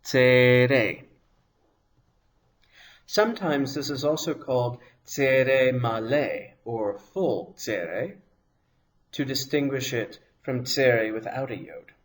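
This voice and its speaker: A man with a medium-pitched voice teaches a language lesson. He explains each sound patiently and pronounces the examples slowly and carefully.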